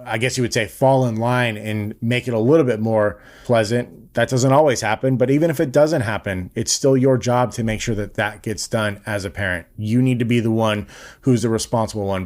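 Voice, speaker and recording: A young man with a fairly low voice talks straight to the listener in a casual podcast monologue. He is blunt and earnest and swears freely as he makes his point. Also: darkish tone. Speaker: podcast host.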